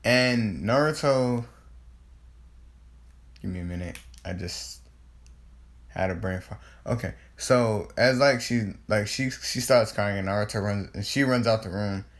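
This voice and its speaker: Low-voiced man rambling through a story. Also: a little slow. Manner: rambling, many restarts, casual swearing. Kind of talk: improvised fan-fiction retelling.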